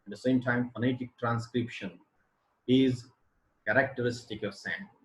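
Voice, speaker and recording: A man teaching English phonology in a webinar lecture, slowing down to demonstrate stress and intonation on example words. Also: medium pitch, fairly even intonation, fairly bright tone. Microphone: computer mic for an online webinar. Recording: roomy echo.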